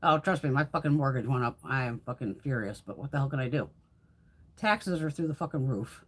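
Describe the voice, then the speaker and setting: With a bass, slightly rough voice, a woman talks fairly quickly as she hosts a live beauty stream during a room tour. She keeps it casual, blunt and animated, swearing constantly and laughing often.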